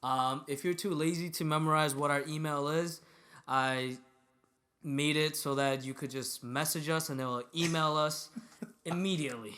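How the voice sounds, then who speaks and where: A man's voice: fairly high pitch, steady tone, normal speed, pushed and bright. A man co-hosting a podcast in casual chat, playful and rambling. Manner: playful, rambling plugs with fillers. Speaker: podcast co-host.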